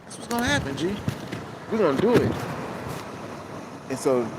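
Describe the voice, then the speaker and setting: Man, high voice, casual street-slang monologue, profane and animated, loud traffic behind. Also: normal speed. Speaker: channel host. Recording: loud outdoor traffic noise.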